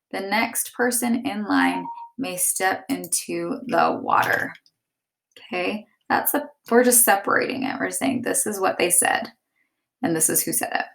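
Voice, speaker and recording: A woman's voice: mid-range voice, vocal fry, a bit bright. A woman teacher explaining step by step and reading example sentences aloud. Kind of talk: classroom lesson.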